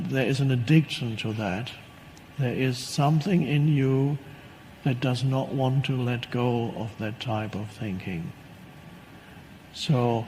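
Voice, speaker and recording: A man giving a reflective spoken teaching talk as a spiritual teacher, unhurried and thoughtful. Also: medium pitch, darkish tone, slight background noise, low-quality recording. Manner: unhurried and reflective, acts out quoted voices.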